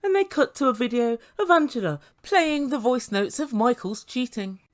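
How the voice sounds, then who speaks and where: A woman's voice: a little high, animated, moderate pace. A woman giving sarcastic commentary on a reality TV show as a reviewer. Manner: sarcastic, mimics the people she quotes.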